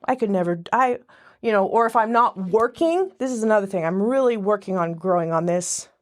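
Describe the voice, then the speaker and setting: A woman guest in a casual podcast conversation speaks a little fast, with medium pitch and an expressive delivery. She rambles, often breaks off partway through a sentence, and starts it over.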